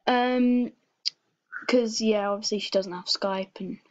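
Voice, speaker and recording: A woman's voice: medium pitch, fairly even intonation, slow, a little mellow, dry recording. A young woman with an English accent chatting on a call, giggly and hesitant with many ums. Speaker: video host. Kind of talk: casual chat on a call. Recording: lo-fi muffled recording.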